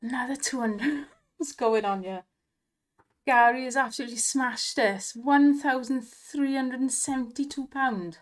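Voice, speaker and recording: Brief: young woman, higher voice, slow-paced gushing slot commentary with frequent giggles. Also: steady tone. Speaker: slot video host. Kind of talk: excited commentary on slot wins.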